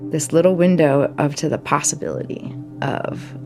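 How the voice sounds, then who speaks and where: A woman's voice: low-pitched, moderate pace, vocal fry, dark tone, soft background music. A middle-aged woman telling a personal story, emotional and vivid, quoting herself as she goes. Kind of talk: personal story told to an audience.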